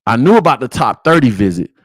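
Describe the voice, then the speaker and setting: Blunt, fired-up livestream host. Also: male voice, medium pitch, sing-song, fast, dry recording. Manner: blunt, profane, fired-up, with frequent "you know what I'm saying". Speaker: sports channel host. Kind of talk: live-stream commentary.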